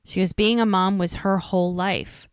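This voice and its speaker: A woman's voice: mid-range voice, steady tone, moderate pace, clear, resonant tone, no room sound, studio quality. A woman co-hosting a podcast, casually recapping a TV episode by quoting what each character says. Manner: retells scenes by quoting characters, lots of "she's like".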